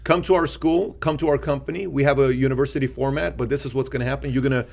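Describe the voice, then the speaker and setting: A man's voice: medium pitch, fairly even intonation, fast talker, vocal fry, a little mellow. A middle-aged man co-hosting a podcast, thinking aloud in a casual discussion and often restarting his sentences. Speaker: podcast co-host.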